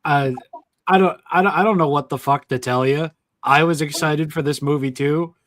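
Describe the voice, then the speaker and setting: A man's voice: a little high, steady tone, fairly bright tone, no room sound. A man co-hosting a casual podcast, frustrated, stammering and swearing. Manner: halting, profane, frustrated. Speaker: podcast co-host. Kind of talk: casual chat.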